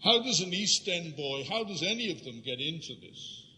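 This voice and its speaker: A guest lecturer from London, England, gives an illustrated history lecture in a lecture room, his voice a little high and his pace normal. He tells stories with lively energy and addresses the audience directly, and the hall's acoustics make the recording reverberant.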